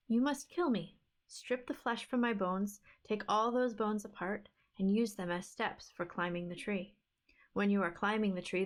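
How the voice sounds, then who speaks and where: A woman's voice: mid-range voice, close to an everyday voice. A woman voicing a young giant's daughter who is an earnest, resolute helper, read aloud from a fairy-tale book. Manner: earnest, urgent commands.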